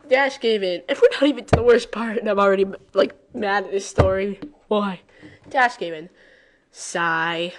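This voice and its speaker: A woman's voice: mid-range voice, moderate pace. A woman reading a fan fiction aloud, breaking off often for exasperated, sarcastic asides. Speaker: story reader.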